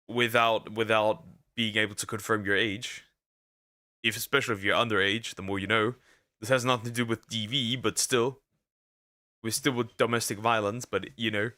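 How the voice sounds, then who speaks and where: Guy reacting to vids on stream, rambly, trips over words, bright voice, dry sound. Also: mid-range voice, dry recording. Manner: rambling, stammering, jokey asides. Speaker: VTuber streamer reacting to videos. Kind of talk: casual reaction commentary. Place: lives in Germany.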